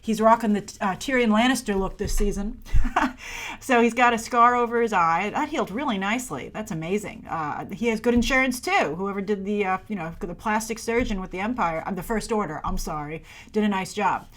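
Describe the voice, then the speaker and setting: A woman hosting a movie review show, chatting casually and sarcastically through a trailer breakdown and playing out characters' lines in quick asides. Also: medium pitch, a bit bright.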